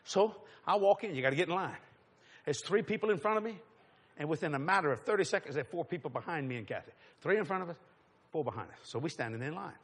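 A middle-aged preacher tells a story in a sermon, acting out the voices of other people. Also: male voice, fairly high pitch, fast talker, husky. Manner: animated, acts out voices, chuckles.

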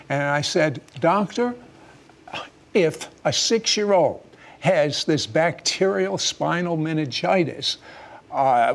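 A man's voice: a little high, gravelly. A man hosting a talk show, interviewing a guest and recapping the story for viewers.

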